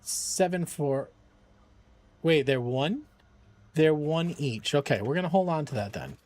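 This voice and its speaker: A man's voice: a little high, expressive, unhurried, a little mellow. A man streaming games for charity, chatting casually with viewers and his dog. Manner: chatty, talks to his dogs and chat. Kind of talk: casual live-stream chat.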